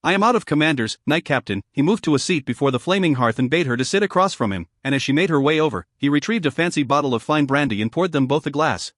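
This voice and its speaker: A man narrating a fantasy audiobook in an even, storytelling manner. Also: on the high side, fast talker, hardly any pauses, no echo, studio quality.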